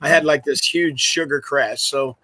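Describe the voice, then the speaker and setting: A man's voice: fairly high pitch, steady tone, normal speed, pushed and bright, slight background noise, low-quality recording. A man co-hosting a casual video podcast, chatty and telling stories with easy laughs. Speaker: podcast co-host and park ranger. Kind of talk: casual chat.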